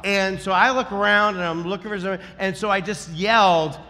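High, bright-voiced pastor man. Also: brisk, long reverb tail. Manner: animated, acts out quoted lines with shouts. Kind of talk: sermon with storytelling.

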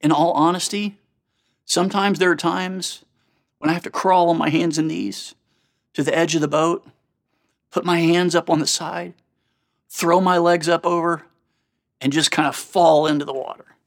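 A man's voice: on the high side, fairly even intonation, moderate pace, creaky, pauses often. Earnest man preaching a sermon. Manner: earnest, conversational preaching with rhetorical questions. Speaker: pastor.

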